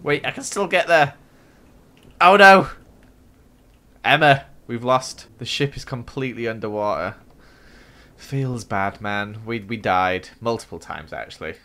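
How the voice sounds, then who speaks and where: Animated man reacting to a game. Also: mid-range voice, measured pace, long pauses. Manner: animated, exclaims and gasps often, dramatic reactions. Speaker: gaming YouTuber. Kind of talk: excitable gameplay commentary.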